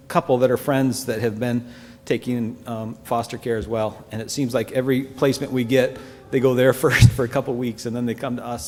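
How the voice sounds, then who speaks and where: A man's voice: medium pitch, a little mellow. Earnest man in a reverberant church hall. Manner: earnest, heartfelt, halting. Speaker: church member giving a testimony. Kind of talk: personal testimony to a congregation.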